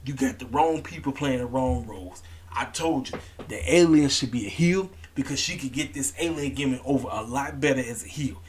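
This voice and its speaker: A man rants in a casual vlog, blunt and slangy, hammering the same points again and again. His voice sits at an ordinary middle pitch. A faint hiss of background noise runs under the recording. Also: a little fast, few pauses. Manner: blunt, repetitive, emphatic, slangy. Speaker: wrestling commentary vlogger. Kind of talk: casual opinionated rant.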